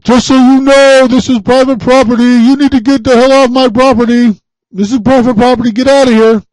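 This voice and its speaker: A man voicing an irate man who shouts at someone to get off his property. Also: very high voice, steady tone, brisk, no echo, voice pushed up, low-quality recording. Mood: angry shouting. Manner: shouting, aggressive. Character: irate man yelling at trespasser.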